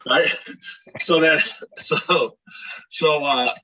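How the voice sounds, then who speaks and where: A middle-aged man from Scranton telling animated anecdotes in a casual podcast chat, acting out shouted quotes. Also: a little high, very slow, far from the mic, rough recording. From Scranton, Pennsylvania. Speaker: podcast guest, actor and DJ. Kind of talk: casual storytelling.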